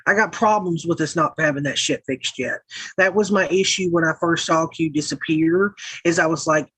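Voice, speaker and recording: A woman's voice: deep voice, moderate pace, a bit bright, husky, no echo, low-quality recording. A Southern woman hosting a livestream, chatting casually with a rambling, profane manner as she reads out viewer comments. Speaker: livestream host. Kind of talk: casual chat reading live comments.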